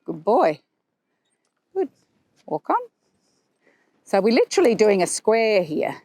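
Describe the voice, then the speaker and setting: A woman of middle pitch talks through a training ride in a riding arena, calm and explanatory, breaking off for soft praise. Her voice comes across close and dry, with little room sound around it. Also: takes it slowly, no echo. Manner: talking while riding a horse. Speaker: horse trainer. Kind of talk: instructional commentary while riding.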